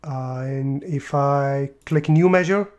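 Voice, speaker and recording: A man explaining a software tutorial step by step, with fillers and repeated words as he clicks through. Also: mid-range voice, takes it slowly. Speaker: tutorial presenter. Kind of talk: screen-recorded software tutorial.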